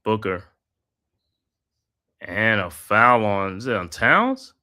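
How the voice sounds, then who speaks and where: Man calling play-by-play, bright tone. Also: on the low side, slow. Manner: steady play calls, casual slang asides. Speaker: host. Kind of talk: live play-by-play commentary.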